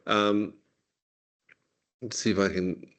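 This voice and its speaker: A man's voice: on the low side, fairly even intonation, fairly bright tone. A man giving a university lecture on poetry over a video call, talking casually and peppering his points with "okay" and "whatever". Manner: reads verse aloud slowly and deliberately. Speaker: literature lecturer. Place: online meeting.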